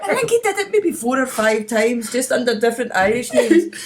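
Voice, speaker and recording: A middle-aged woman hosting a casual podcast and telling stories at a chatty clip, often letting her voice drop and trail away softly. Her pitch sits mid-range, with a faint hiss in the background. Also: sing-song, a little fast. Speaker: podcast host. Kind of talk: casual chat.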